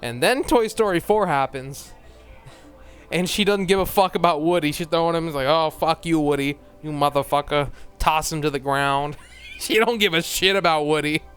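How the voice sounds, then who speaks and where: A man's voice: a little high, normal speed, a bit bright, clear, resonant tone, soft background music. A man ranting in a casual, rambling way, blunt and full of swearing, laughing often and trailing off into mumbled asides. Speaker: vlogger.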